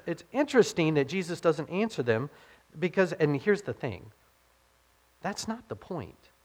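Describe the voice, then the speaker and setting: A pastor, a man with a somewhat raised pitch, preaches in a relaxed, conversational way. He keeps asking his listeners questions and lowers his voice when he quotes scripture. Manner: informal, with rhetorical questions to the congregation. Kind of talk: conversational sermon.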